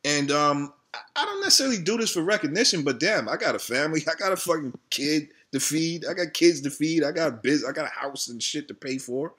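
A man's voice: fairly high pitch, animated, fairly quick, a bit bright, breathy edge. A man, ranting heatedly and profanely in a casual vlog about his channel. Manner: profane, heated, repetitive venting. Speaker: video creator.

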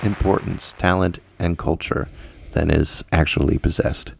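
A man co-hosting a casual podcast, talking in a rambling, halting way. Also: sits low, fairly even intonation, creaky, a little hiss or hum. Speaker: podcast co-host.

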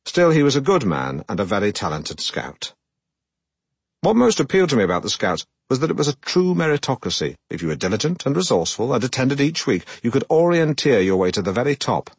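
An actor playing a pompous, self-regarding middle-aged broadcaster who narrates his own memoir in a deadpan way. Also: mid-range voice, fairly quick, slightly rough, no room sound. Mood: self-important. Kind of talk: comic audiobook narration.

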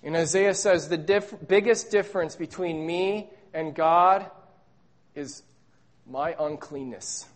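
A man delivering a sermon with a lot of dynamic range, pushing key words out loud and then sinking into quiet, low-voiced lines. He repeats words for weight and reads scripture in the same emphatic preaching manner. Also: takes it slowly. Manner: emphatic, swinging between loud stresses and hushed low lines. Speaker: pastor.

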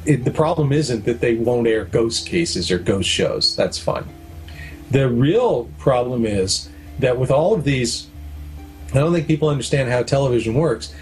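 A middle-aged Canadian documentary producer and director speaks candidly in a casual interview, his voice medium-pitched with a darkish tone. He makes his points through stories and everyday comparisons.

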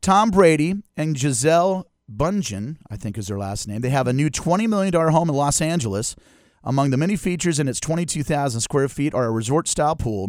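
A man's voice: on the high side, a little mellow, dry recording. A man hosting a sports radio show, chatting and joking in a rambling, casual way from a studio. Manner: jokey, rambling, quick to laugh. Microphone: studio microphone.

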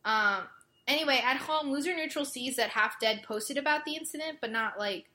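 A woman talking through a show's plot in a casual chat, her voice bright and fairly high. She tells it in an exasperated way, with lots of fillers. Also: normal speed, a little hiss or hum. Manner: exasperated, filler-heavy storytelling. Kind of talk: casual chat recapping a show.

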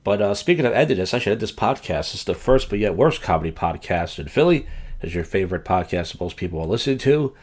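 Low-voiced man, crude wisecracking host. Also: big pitch swings, quick pace, a little mellow. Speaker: podcast host. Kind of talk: comedic commentary over a video clip.

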